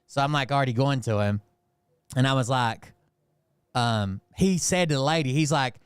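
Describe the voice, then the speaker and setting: A man's voice: medium pitch, moderate pace, long pauses, clean tone, no room sound, clean studio sound. A man casually retelling a heated run-in with lots of swearing and filler words. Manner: profane, rambling, heated retelling full of fillers. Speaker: channel host. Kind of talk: casual storytelling.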